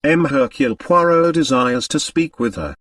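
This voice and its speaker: A man's voice: mid-range voice, expressive, moderate pace, a bit bright, no room sound, natural voice. A man voicing a young French maid, who speaks in a formal, announcing way. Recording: dry, slightly distant mic.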